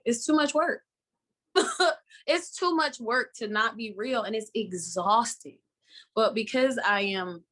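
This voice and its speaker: A woman's voice: medium pitch, fairly bright tone. A woman from Florida with a Southern accent, an actress talking emphatically and laughing often in a live online interview. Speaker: actress guest. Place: online video call.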